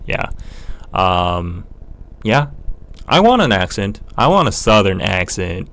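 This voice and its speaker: Speaking at a measured pace in a voice that sits low, a young Korean guy with a North American accent runs a casual livestream Q&A podcast. His clean voice carries a relaxed, chatty manner full of ums.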